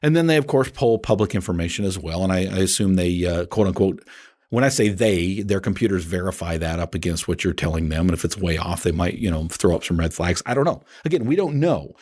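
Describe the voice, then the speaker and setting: A man's voice: deep voice, a little fast. A man hosting a coaching podcast, talking casually and chattily with lots of restarts. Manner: animated, chatty, many restarts. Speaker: podcast host and appraisal coach. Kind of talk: casual instructional podcast talk.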